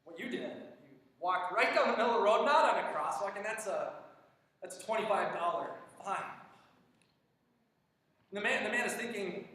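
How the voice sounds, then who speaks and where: A man preaching a sermon, telling a story in an animated way and acting out the dialogue with frequent restarts. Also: high voice, a little fast. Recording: echoey church hall, distant mic.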